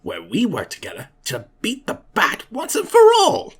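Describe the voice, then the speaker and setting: A man's voice: high voice, huge pitch swings, normal speed, fairly bright tone, slightly rough, exaggerated voice. A man doing a theatrical, gloating villain leader.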